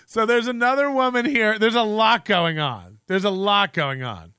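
High, bright-voiced man laughing along. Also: normal speed, smooth, dry recording, studio quality. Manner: laughing, repeating quotes, animated. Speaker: host. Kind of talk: casual commentary on a viral video.

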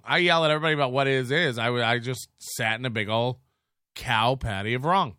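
A man's voice: on the high side, normal speed, bright, forceful tone, smooth, dry recording, clean studio sound. A man hosting a casual livestream, rambling and self-mocking, with frequent swearing. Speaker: livestream show host.

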